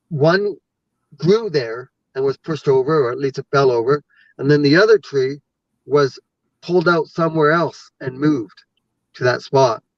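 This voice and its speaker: A man's voice: a little high, no echo. Canadian guy telling a wild story, kinda muffled and far off the mic, dry sound. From British Columbia, Canada. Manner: animated, acts out his own reactions. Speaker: guest. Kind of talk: casual storytelling.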